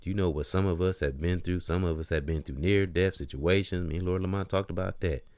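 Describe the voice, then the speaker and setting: A man hosting a podcast, giving a rambling, preacherly motivational talk with casual slang, repeating phrases and swinging from quiet to loud emphasis. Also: sits low, fairly even intonation, brisk, clean tone, no room sound. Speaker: podcast host.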